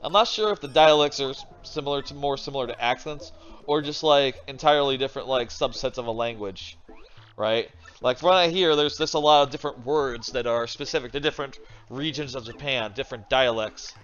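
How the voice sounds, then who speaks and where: A male streamer casually commentates a video game from his home desk, rambling, thinking aloud, and swearing now and then. His mid-range voice is brisk and a bit bright, picked up by a desk microphone on a muffled recording.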